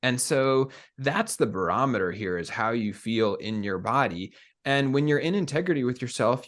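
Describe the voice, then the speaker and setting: A man co-hosting a podcast, talking in an earnest, measured, coaching way. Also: medium pitch, a bit bright. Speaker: podcast co-host. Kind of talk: reflective conversational talk.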